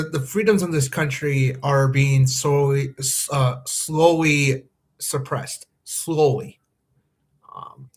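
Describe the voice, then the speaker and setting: Man, podcast host, live stream, worried, earnest, halting with ums and restarts, mid-pitched voice. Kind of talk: live-streamed commentary monologue.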